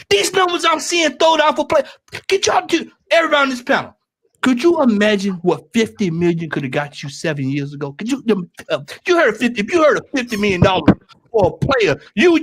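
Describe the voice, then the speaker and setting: A man, ranting loudly on a podcast panel and repeating his points for emphasis. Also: extremely high pitch. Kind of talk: heated podcast rant.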